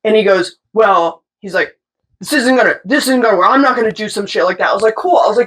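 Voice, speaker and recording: The audio is poor as a young woman, a tattoo artist, tells a casual story at a quick pace in a mid-range voice. She's animated, swears a lot and acts out the voices of the people she describes.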